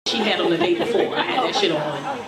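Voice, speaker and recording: A woman's voice: lowish voice, brisk, echoey room, far from the mic, a loud crowd. A woman in her thirties doing profane stand-up storytelling, acting out voices in her stories on a club stage. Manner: animated, profane, acts out voices in quotes. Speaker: stand-up comedian. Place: comedy club stage with live audience. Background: audience laughter.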